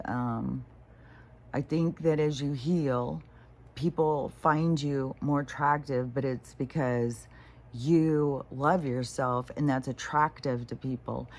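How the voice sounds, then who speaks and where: A woman's voice: very deep voice, darkish tone. A woman talking casually in a meandering monologue, full of fillers and quoted asides, laughing often. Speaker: vlogger.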